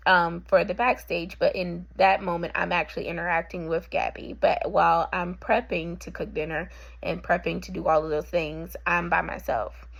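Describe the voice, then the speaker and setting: Low, gravelly young woman musing. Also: low-quality recording. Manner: halting, with frequent ums and self-corrections. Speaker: patient representative. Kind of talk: reflective monologue for a class assignment.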